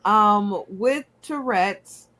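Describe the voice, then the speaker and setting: A woman hosting a comedy game show over a video call, playful and unhurried as she recaps everyone's picks. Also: medium pitch, fairly bright tone.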